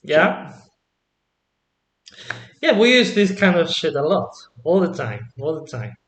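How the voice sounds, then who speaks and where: Male tutor, slightly high voice, laid-back and encouraging, on a video call in an echoey room. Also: takes it slowly, slight background noise. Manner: relaxed, prompts often with 'yeah?' and 'ujú'. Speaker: Spanish teacher. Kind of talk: casual online language lesson.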